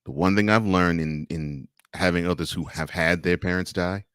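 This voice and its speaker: A man hosting an interview who speaks calmly and reflectively, offering support to his guest. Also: low-pitched, moderate pace, clean tone, no echo, studio quality. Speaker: interview host. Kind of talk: interview conversation.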